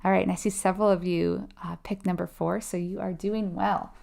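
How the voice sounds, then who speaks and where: A woman's voice: fairly low pitch, little pitch movement, a little fast, gravelly, darkish tone. A woman leading a live nursing exam review, talking casually, explaining step by step and asking her viewers questions. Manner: conversational, explains step by step, asks the audience questions; laughs lightly while acting out client replies.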